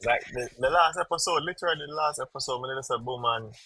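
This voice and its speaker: A man's voice: mid-range voice, fast talker, pushed and bright, husky, dry recording, rough recording. A young man, hosting a casual podcast chat and animatedly stumbling over repeated words while he searches for them. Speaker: podcast host.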